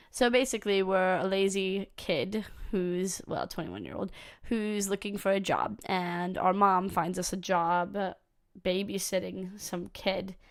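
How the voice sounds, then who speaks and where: A woman hosting a let's play, reading a visual novel aloud and breaking off for casual, sweary asides. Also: medium pitch. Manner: casual, sweary asides between read lines.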